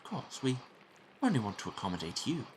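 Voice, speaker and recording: A man's voice: mid-range voice, huge pitch swings, a little fast, slight background noise, voice pushed up. A man doing a fawning, nervous abbot. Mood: placating. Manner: obsequious, placating.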